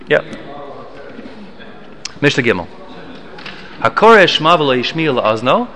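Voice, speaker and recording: A man's voice: mid-range voice, sharp tone. A man teaching a Mishnah class, reading the Hebrew text and explaining it in English, often restarting and correcting himself. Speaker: Torah teacher.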